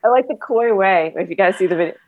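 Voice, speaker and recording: A woman's voice: mid-range voice, animated, quick pace, narrow, tinny audio. A woman in casual conversation, a former trauma nurse and body therapist who talks reflectively, rambling with many fillers.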